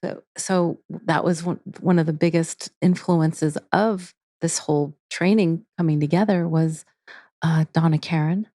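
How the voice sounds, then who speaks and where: Earnest, mellow-voiced woman guest. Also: low voice, fairly even intonation, a little slow, dry recording, studio quality. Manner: earnest, with frequent restarts. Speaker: guest, integrative therapy teacher. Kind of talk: casual interview talk.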